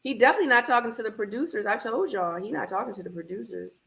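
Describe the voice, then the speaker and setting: A woman hosting a live reaction stream from her home office, a little hoarse from being under the weather, animated and laughing as she talks back to the screen. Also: a little high, racing, rough recording. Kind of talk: casual live watch-party chat. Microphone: camera microphone.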